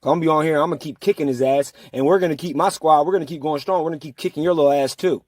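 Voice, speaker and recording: A man's voice: on the high side, very fast, hardly any pauses, no room sound, clean studio sound. Taunting man ranting at his critics. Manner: confrontational, taunting, profane. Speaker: channel host. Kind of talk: angry ranting monologue.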